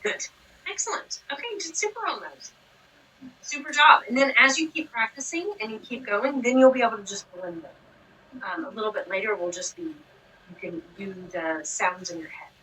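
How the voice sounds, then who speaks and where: Southern lady teacher, coaxing a kid through sounds, bright voice a bit far from the mic. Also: mid-range voice, lively intonation, moderate pace, slightly rough. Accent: Southern US (Georgia). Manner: encouraging, praising and explaining patiently to a child. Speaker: phonics teacher. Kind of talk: one-on-one reading lesson.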